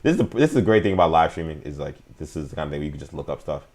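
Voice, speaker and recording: A man's voice: extremely low pitch, very animated, rapid-fire, a little mellow. A man hosting a casual live-stream sports talk show, opinionated and slangy, speaking straight to his chat viewers. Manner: frequent fillers and restarts, slangy.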